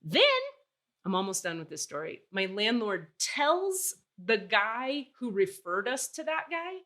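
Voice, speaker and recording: A woman's voice: mid-range voice, unhurried. A woman in her forties hosting a podcast, telling a story candidly and with exasperation. She swears freely. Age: 40s. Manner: animated, acts out dialogue while telling stories. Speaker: podcast host.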